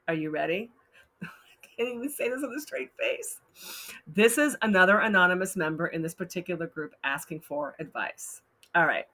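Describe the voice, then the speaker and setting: A woman's voice: on the low side, pushed and bright. A woman hosting a casual advice talk, frank and blunt, often laughing as she reads out posts. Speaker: host giving advice.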